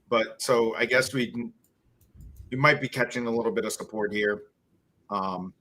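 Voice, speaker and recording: Bright-toned guy on a trading stream, chatty, says dude a lot, thinking out loud. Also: medium pitch. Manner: chatty, says dude and man, thinks aloud over charts. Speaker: co-host of a live trading stream. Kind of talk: casual market chat.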